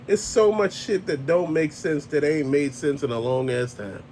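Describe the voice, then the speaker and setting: A man's voice: a little high, normal speed, darkish tone, slight background noise. A man hosting his own show, ranting bluntly and emphatically with heavy profanity. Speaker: host. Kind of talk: ranting monologue.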